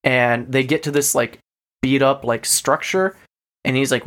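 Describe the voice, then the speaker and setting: A man retells a story on a casual podcast, scattering fillers and curse words as he goes. He slips into quick acted-out lines for the characters. His voice sits at an ordinary middle pitch. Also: fairly even intonation, a bit bright. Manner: swears freely, lots of fillers, acts out quotes. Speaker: podcast co-host.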